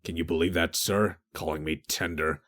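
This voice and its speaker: A man reading an audiobook, voicing a dim, literal-minded male sergeant in a low, soft, deadpan voice. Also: moderate pace.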